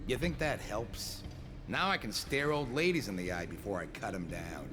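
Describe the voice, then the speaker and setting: An actor playing a weary city guard who grumbles sarcastically. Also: male voice, fairly low pitch, moderate pace, music in the background, natural voice. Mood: bitter. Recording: game audio with ambient noise.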